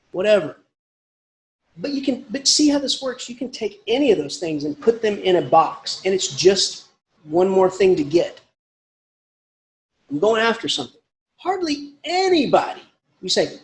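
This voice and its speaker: A man's voice: sits high, big pitch swings, normal speed. A man giving a casual, rambling literature lecture with emphatic asides.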